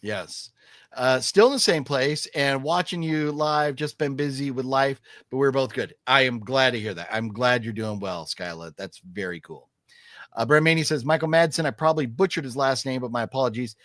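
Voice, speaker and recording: A man's voice: mid-range voice, normal speed, fairly bright tone, no echo, studio quality. A man hosting a casual live stream, chatting and reading viewer comments aloud with lots of fillers. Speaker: host.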